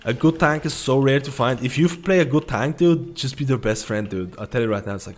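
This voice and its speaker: A man's voice: medium pitch, fairly quick, few pauses. A man livestreaming a game, giving rambling, repetitive advice in casual talk, swearing and saying "dude" and "man" a lot. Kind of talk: casual gaming commentary.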